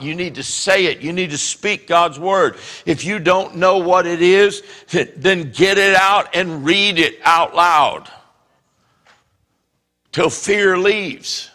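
A man preaching a sermon as pastor, animated and acting out the voices he quotes. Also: sits high, big-room sound. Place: church sanctuary.

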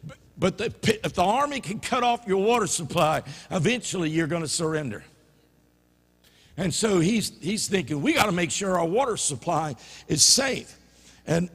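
A pastor with a Louisiana Southern accent preaching a sermon in a church sanctuary, swinging from low murmurs to loud emphatic peaks. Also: male voice, breathy edge. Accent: Louisiana Southern American. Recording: reverberant church hall.

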